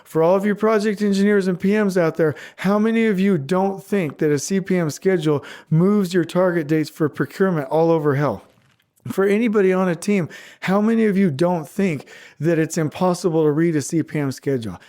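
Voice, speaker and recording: A man's voice: sits high, a little fast, warm tone. A man in his forties hosting a podcast, blunt and combative, repeating his points for emphasis. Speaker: podcast host. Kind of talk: fired-up podcast rant.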